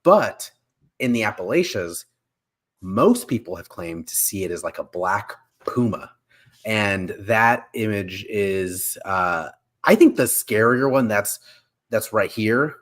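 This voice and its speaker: A man's voice: fairly low pitch, lively intonation, takes it slowly, a bit bright. A young man co-hosting a casual pop culture podcast, rambling with lots of fillers and restarts. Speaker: co-host.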